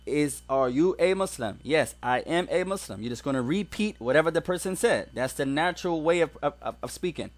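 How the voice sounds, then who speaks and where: Slightly high-voiced man teaching a class. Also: lively intonation, fairly quick. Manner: explains step by step, mixing English and Arabic examples. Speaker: Arabic teacher. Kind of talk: classroom grammar lesson.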